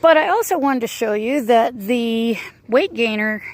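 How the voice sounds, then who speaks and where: A woman's voice: a little high, lively intonation, measured pace, darkish tone, no room sound. A woman running a horse sanctuary talks casually outdoors with her horse, rambling and laughing often. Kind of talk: casual vlog.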